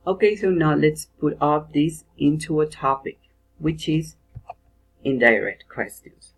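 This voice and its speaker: A man's voice: fairly high pitch, unhurried, vocal fry, slightly rough, poor audio. A young man teaching pronunciation in a video lesson. He explains step by step, corrects himself, and often checks in with "okay?".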